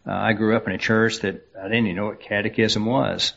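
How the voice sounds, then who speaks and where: A man preaching a sermon as pastor, unhurried and halting, with many fillers and restarts. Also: lowish voice, level tone, gravelly, a bit bright, muffled recording, a little hiss or hum.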